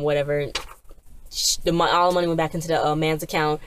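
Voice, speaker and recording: A woman with a low voice recapping a TV episode casually. She rambles and restarts often, full of fillers. She acts out the characters' lines as she goes. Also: fairly even intonation, normal speed, long pauses, clean tone. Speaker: TV episode reviewer.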